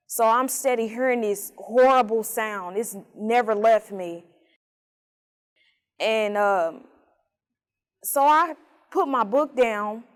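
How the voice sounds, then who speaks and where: A young woman recounts a hard memory in an unhurried, everyday storytelling voice. Her tone sits somewhat high and comes through smooth and clear. She fills pauses with casual "um"s and "like"s. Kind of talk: personal testimony.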